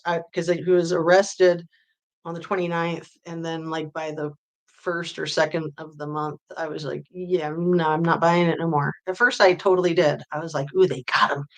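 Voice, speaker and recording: Woman livestream host, casual and chatty, lower-pitched, reads chat aloud, lets phrase ends fade. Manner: chatty, reads viewer comments aloud and answers them; voice often drops off quietly at phrase ends. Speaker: true-crime livestream host.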